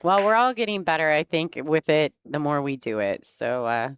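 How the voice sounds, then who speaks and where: A woman's voice: low-pitched, big pitch swings, normal speed, clean tone, dry recording, clean studio sound. A woman commentating a pool match in a chatty way, laughing easily and explaining the play. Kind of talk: sports commentary.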